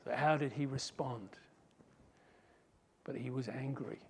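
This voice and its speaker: Slow, gravelly-voiced male preacher. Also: medium pitch, a little mellow, a little hiss or hum. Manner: slow, emphatic, dramatic storytelling. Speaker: pastor. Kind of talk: sermon.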